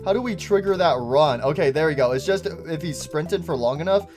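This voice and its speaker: A young man giving excitable, casual commentary on a game and saying "bro" a lot. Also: on the high side, fairly quick, music in the background. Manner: excitable, says "bro" often. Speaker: gaming YouTuber.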